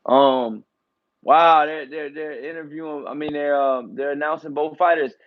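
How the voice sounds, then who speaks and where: Hyped high-voiced man streaming fight commentary. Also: fairly even intonation, moderate pace, narrow, tinny audio. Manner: loose, hyped, repeats catchphrases and fillers like man and y'all. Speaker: boxing commentator and channel host.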